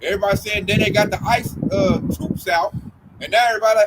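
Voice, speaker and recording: A man leading a casual religious group talk, animated and mocking as he acts out scared people. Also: high voice, fast talker, background noise.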